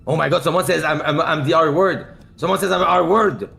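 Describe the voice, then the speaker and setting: Excitable man on a call. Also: fairly high pitch, brisk, vocal fry, soft background music. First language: French. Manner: excitable, teasing, swears often. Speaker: guest streamer on a call. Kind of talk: casual stream chat.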